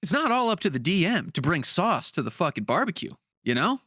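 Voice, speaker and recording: Playful, swearing young man, bright tone. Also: high-pitched, sing-song, brisk, no echo, studio quality. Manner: laid-back, profane, playful. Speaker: podcast co-host. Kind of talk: casual chat.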